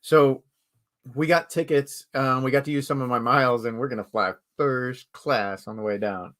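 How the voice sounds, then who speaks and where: Guy hosting a live stream, just chatting, laughs a lot, average pitch. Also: fairly even intonation, moderate pace, a bit bright. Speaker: live show host. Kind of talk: casual live-stream chat.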